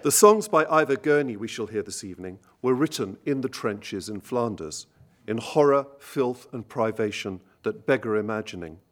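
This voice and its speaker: A man introducing songs at an evening recital, speaking in a measured, literary way and reading poems aloud. He slows down to stress quoted lines. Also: lowish voice, expressive. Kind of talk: lecture with poetry reading.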